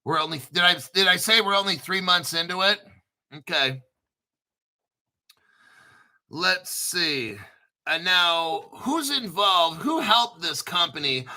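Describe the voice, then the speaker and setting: A man's voice: high voice, animated, takes it slowly, pauses often, bright, forceful tone. A man hosting a crypto show, talking in a hyped, conspiratorial, profane way. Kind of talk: excited crypto commentary.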